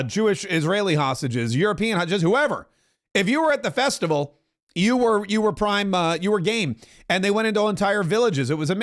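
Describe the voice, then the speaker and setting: High-voiced sarcastic male commentator. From Florida. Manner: sarcastic, mocking, mimics quotes. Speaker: podcast host. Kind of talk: livestream political commentary.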